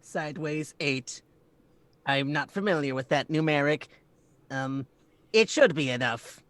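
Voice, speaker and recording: A man voicing a small, stiff, formal male robot with a blaster who speaks in halting, proper phrases. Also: on the high side, fairly bright tone, no echo.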